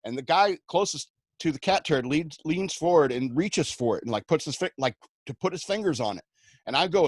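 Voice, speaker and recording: A man's voice: on the high side, expressive, fairly quick, dry recording. Man telling rambling comic stories. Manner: rambling, self-mocking anecdotes with acted-out quotes. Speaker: radio show host. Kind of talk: comic storytelling.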